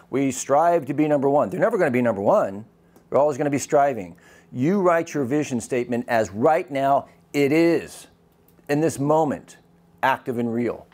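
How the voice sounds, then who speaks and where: A man's voice: mid-range voice, a little mellow. A man, a physician giving a live lecture, who talks to the audience and asks them questions.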